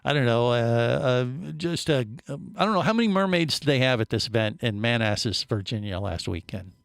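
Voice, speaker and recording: A man's voice: medium pitch, brisk, clear, resonant tone. A man hosting a studio radio show, teasing his guests and wandering through his sentences with fillers. His voice sits in the middle range for a man. The sound is dry and close, with no room echo. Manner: joking, rambling with many fillers. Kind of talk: casual radio chat.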